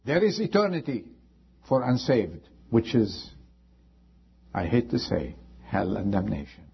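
A man preaching a sermon as pastor, impassioned, rising high and then dropping to a hush. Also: huge pitch swings, unhurried, vocal fry, breathy edge, highs cut off. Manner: impassioned preaching with sudden drops to quiet.

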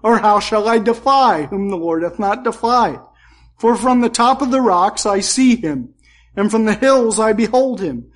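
Folksy high-voiced male preacher. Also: expressive, a little slow. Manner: folksy, humorous asides, storytelling. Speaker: pastor. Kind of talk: sermon, expository Bible teaching.

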